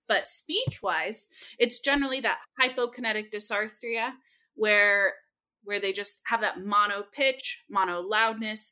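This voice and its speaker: Bright, animated woman telling stories. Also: medium pitch. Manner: animated, expressive, jumps into quoted voices. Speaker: speech-language pathologist guest. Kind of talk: lively storytelling in a podcast interview.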